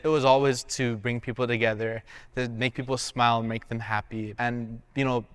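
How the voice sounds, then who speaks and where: A man's voice: medium pitch, level tone, moderate pace, smooth, in a large hall. A man, a contestant, answering a judge earnestly.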